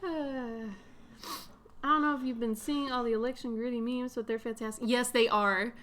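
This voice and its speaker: A woman's voice: a little high, steady tone, moderate pace, fairly bright tone, slight background noise. A young adult woman streaming her art, chatting casually in a playful, rambling way while she draws. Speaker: artist streamer. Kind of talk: casual chat while drawing.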